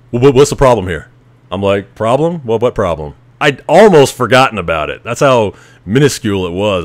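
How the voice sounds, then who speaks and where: A man hosting a podcast, telling a story in a casual, profane, animated way. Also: lowish voice, dry recording. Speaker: podcast host.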